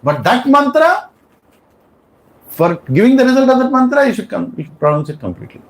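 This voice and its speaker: A man's voice: extremely high pitch, big pitch swings, brisk, long pauses. A man teaching a class of devotees, quizzing them with questions and stressing his points. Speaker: spiritual teacher. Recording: echoey room.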